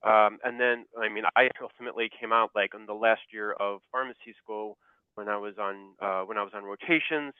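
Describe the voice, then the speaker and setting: A male clinical pharmacist telling his story as an interview guest, halting with many fillers and restarts, laughing through the funny parts. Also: on the low side, steady tone, clear, resonant tone, no room sound. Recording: tinny phone-like dry line.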